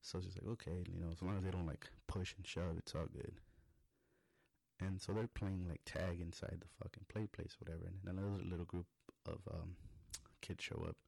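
A man's voice: sits low, flat delivery, brisk, creaky, a little mellow, no room sound. A man, a father, telling a rambling story full of swearing and acted-out quotes as a comedy monologue. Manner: rambling, heavy swearing, acts out quoted lines.

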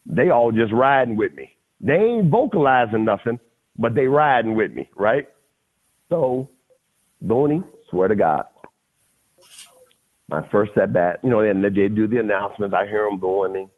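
A middle-aged man telling a story as a podcast guest, animated and slangy, often addressing the host by name. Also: on the low side, unhurried, long pauses. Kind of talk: casual storytelling. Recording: tinny phone-like audio.

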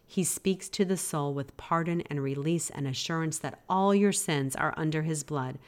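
A woman hosting a devotional podcast, teaching in an earnest, gently exhorting way. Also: low voice, moderate pace. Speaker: podcast host.

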